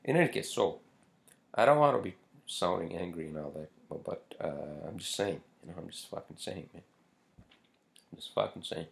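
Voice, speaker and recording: Guy ranting on his own podcast, low gravelly voice, swears a ton, lots of uh's and restarts. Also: animated, moderate pace. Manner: rambling, profane, many fillers. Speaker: podcast host. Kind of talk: casual solo podcast rant.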